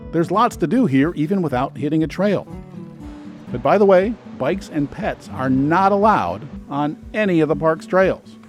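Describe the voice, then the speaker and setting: A man's voice: a little high, a little mellow. A man narrating a scripted travel guide in an earnest, advisory voice-over. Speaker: travel video host.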